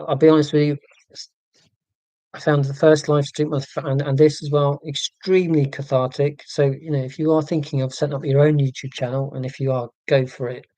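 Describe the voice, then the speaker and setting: A man's voice: on the high side, warm tone, no echo. A man in his forties, chatting to a live-stream audience in a rambling, self-deprecating way, restarting sentences often. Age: 40s. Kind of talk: casual live-stream chat. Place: indoors at home. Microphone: laptop microphone.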